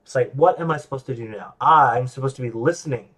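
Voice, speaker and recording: A man's voice: mid-range voice, fast talker, breathy edge. A man hosting his own podcast, talking in a rambling, self-deprecating way, restarting his sentences and acting out voices in quotes. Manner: animated, acts out quoted voices. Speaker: podcast host. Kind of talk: casual solo monologue.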